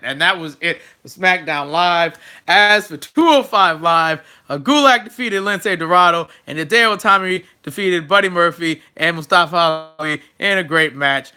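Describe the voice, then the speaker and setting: Bright, high-voiced excitable young man. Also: moderate pace, clear, resonant tone. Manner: excitable, chatty, jokey fan asides. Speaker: wrestling recap host. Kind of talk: casual solo recap.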